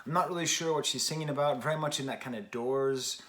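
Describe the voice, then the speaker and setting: A man in his forties gives a casual album review that rambles, restarting sentences often and poking fun at himself. His mid-range voice moves fast and sounds a bit bright.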